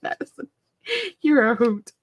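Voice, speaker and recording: A woman hosting a live crafting demonstration, chatty and excitable, often breaking into laughter. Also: a little high, a little slow, no echo, studio quality. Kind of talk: live crafting demo chat.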